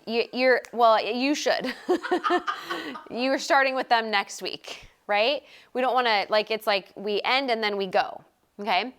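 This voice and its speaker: Woman sales coach on a group video call, casual and upbeat, fast bursts, keeps repeating stuff to hammer it in. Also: a little high. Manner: energetic, talks in quick bursts and repeats phrases for emphasis.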